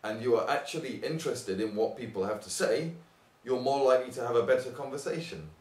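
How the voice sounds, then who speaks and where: Lively English teacher, roomy distant sound. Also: male voice, brisk. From England. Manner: lively, acts out example phrases with big pitch jumps. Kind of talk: informal online English lesson.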